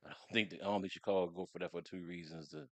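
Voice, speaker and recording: A man's voice: deep voice, steady tone, racing, fairly bright tone, dry recording. A man who is a coach, a guest on a podcast, giving earnest, plainspoken opinions. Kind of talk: casual podcast conversation.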